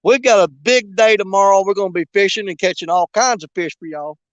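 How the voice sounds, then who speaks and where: This older man is a fishing channel host streaming live from a creek, bantering with viewers in loose, jokey chatter full of laughter. His voice is high and his pace a little fast, and there's no echo.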